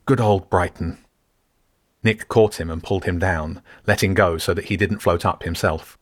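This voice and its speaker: A man reading a story aloud in steady, measured scripted narration. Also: sits low, dry recording, studio quality. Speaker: audiobook narrator.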